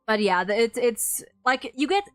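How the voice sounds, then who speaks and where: A woman's voice: on the high side, expressive, normal speed, a bit bright, dry recording, faint music behind. A young woman from Germany with a slight German accent, chatting casually on a live stream in a rambling way, with lots of fillers and free swearing.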